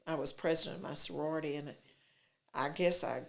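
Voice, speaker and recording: A woman's voice: low-pitched, fairly quick, creaky. An older woman with a thick Texas accent, a city mayor telling stories as an interview guest, often acting out both sides of past conversations. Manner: chatty storyteller who acts out quoted exchanges. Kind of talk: casual interview chat.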